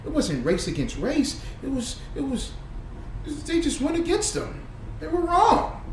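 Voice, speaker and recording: A man giving animated, preachy and profane reaction commentary on played clips, laughing often. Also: extremely high pitch, unhurried. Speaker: online commentator. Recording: echoey room, far from the mic, faint noise.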